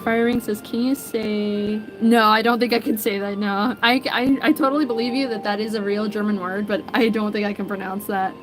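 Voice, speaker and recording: An American woman with a medium-pitched, level voice hosts an art livestream, speaking a little fast with few pauses. Over background music, she greets viewers by name and reads their comments in a friendly, casual chat.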